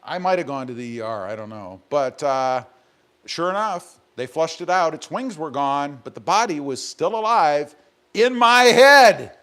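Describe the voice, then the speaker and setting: A man's voice: a little high, animated, a little slow, fairly bright tone. Joking man hosting a live stream. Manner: joking, rambling, reads viewer comments aloud. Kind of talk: casual live stream chat reading comments. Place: home garage.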